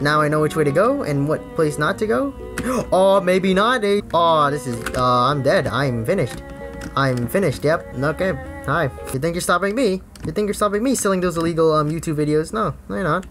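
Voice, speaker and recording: Lively, excitable gaming YouTuber. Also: mid-range voice, normal speed, faint music behind. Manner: excitable, jokey, frequent gasps and laughs. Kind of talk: let's play commentary.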